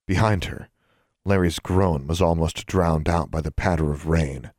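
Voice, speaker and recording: A man reading a novel aloud as an audiobook narrator, in a measured, steady manner. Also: low voice, no room sound, studio quality. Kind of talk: scripted narration.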